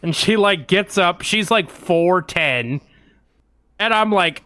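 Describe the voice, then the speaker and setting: A man's voice: high voice, lively intonation, takes it slowly, pauses often, bright, forceful tone, no echo. A man co-hosting a podcast, telling a long, rambling anecdote in casual chat with lots of fillers, recorded on a close mic. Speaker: podcast co-host.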